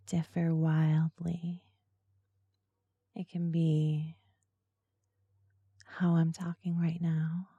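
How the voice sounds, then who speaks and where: Breathy slow-talking woman, ASMR podcast. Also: low-pitched, mellow, no room sound, lo-fi sound. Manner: slow and seductive. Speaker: podcast host. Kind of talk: soft ASMR-style podcast talk.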